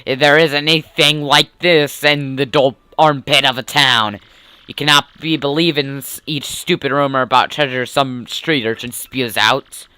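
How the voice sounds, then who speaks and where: A man's voice: medium pitch, fairly even intonation, a little slow, bright, forceful tone, clear, resonant tone, dry recording. A man voicing a vain, greedy merchant sailor in a grandiose, theatrical accent while reading a game's dialogue aloud. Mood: pompous. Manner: grandiose, theatrical "pirate" voice he says strains his throat. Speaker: let's play gamer reading dialogue aloud.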